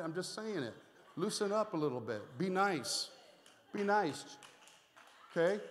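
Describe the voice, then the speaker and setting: A man preaching a sermon as pastor, animated and conversational, with asides and repeated phrases. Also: sits high, a little hiss or hum. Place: church sanctuary. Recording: reverberant hall.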